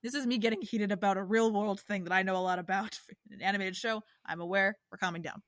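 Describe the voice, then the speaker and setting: Give me an animated woman from the New York area chatting on a podcast, dry close mic. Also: mid-range voice, no room sound. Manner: animated, quick to laugh, many restarts. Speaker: podcast co-host. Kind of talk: casual chat.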